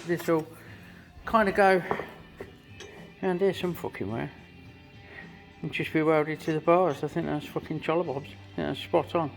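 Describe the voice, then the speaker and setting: A man in his fifties talks through a motorcycle build in his workshop, salty and rambling, swearing freely as he goes. His voice sits a little high for a man, and soft music plays underneath. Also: normal speed, vocal fry.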